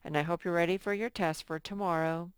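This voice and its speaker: A middle-aged woman teaching a lesson to young children, reading example sentences in a slow, sing-song way. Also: lowish voice, fairly even intonation, smooth, no echo.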